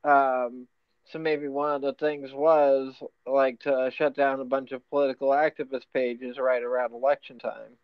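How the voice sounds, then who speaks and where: Male panelist with a smooth, flat-toned, hesitant voice over a dull, dry mic. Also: mid-range voice, no room sound. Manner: halting, many fillers. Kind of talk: casual livestream panel talk.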